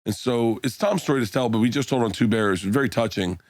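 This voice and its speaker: Talking fast in a medium-pitched voice, a middle-aged man who is a comedian on a podcast rambles through a profane anecdote, swearing freely and playing the other people in the quoted dialogue. The recording is dry.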